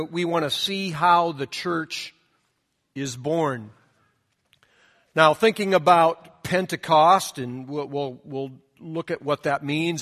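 A male pastor with a high, light voice preaches and reads scripture in a conversational, storytelling manner. His words hang in the long reverb of a church sanctuary. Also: fairly bright tone. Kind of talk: sermon with scripture reading.

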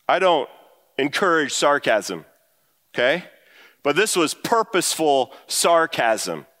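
Male pastor, high voice, animated sermon delivery, big reverberant church hall. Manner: animated, rising pitch when quoting and emphasizing.

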